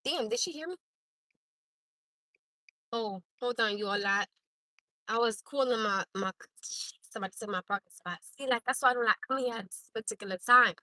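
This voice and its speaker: A woman's voice: on the high side, fairly quick, pauses often, sharp tone, no echo, low-quality recording. A woman from Newark, New Jersey, with a Newark accent, hosting a livestream from her parked car and talking candidly and directly to her viewers on a phone. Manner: direct and candid, talks straight to the chat. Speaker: livestream host. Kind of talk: casual chat to viewers.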